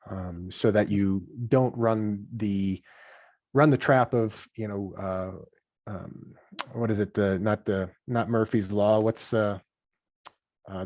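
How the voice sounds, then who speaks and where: A man being interviewed as a podcast guest, chatting in an animated way and acting out workplace conversations. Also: lowish voice, no room sound, studio quality. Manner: animated, acts out workplace dialogue. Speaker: podcast guest, software founder.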